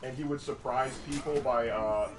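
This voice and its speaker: A man co-hosting a game stream in casual chat, rambling quickly and animatedly as he reads viewer questions. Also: mid-range voice, fairly even intonation. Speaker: stream co-host reading chat. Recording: distant echoey mic with loud noise.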